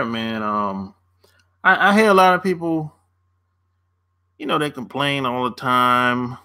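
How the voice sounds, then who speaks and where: A man's voice: medium pitch, sharp tone. A man coaching on dating in a casual livestream, laid-back, chuckling often and answering viewers' chat by name.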